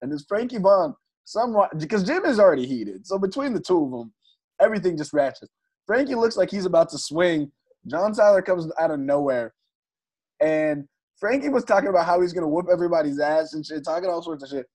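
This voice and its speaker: A male stand-up comedian telling a story in casual chat, animated and swearing, acting out other people's lines. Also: fairly high pitch, brisk, breathy edge.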